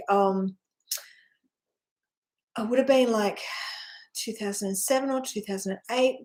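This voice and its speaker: A woman giving a personal spiritual talk, telling her story in a heartfelt, rambling way with sighs, often checking in with "right?". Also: fairly high pitch. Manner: earnest, emotional storytelling with sighs. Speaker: spiritual teacher.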